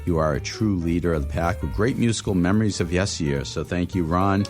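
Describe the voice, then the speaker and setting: Male show host, very low voice, effusive and chatty, music bed faint underneath. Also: a little fast, darkish tone. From South Boston. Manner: effusive, thanks people at length. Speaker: podcast and radio host. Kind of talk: casual radio interview.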